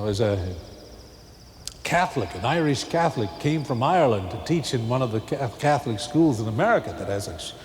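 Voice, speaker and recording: A male pastor giving a televised sermon in a large church, folksy and animated with emphatic peaks. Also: medium pitch. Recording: long cathedral echo, faint ambience.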